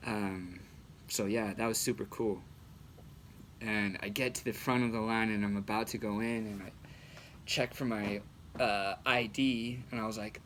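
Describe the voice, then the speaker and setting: A young man, an amateur comic, telling a story in a relaxed, slangy way with plenty of swearing. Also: fairly low pitch, measured pace, a little hiss or hum. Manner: laid-back, slangy, swears freely. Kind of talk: casual storytelling.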